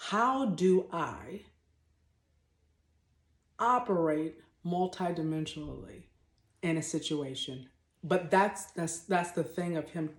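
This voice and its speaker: On her faith vlog, this woman teaches spontaneously, emphatic and blunt, frequently repeating herself and starting sentences over. Her voice is fairly low, she takes it slowly with frequent pauses, and the room gives a roomy echo.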